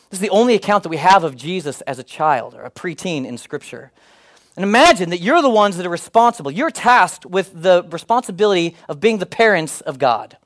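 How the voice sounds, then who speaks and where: A man's voice: high voice, low-quality recording. A middle-aged male pastor preaching a sermon, telling stories with humor and putting on voices. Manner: animated, humorous storytelling with put-on voices.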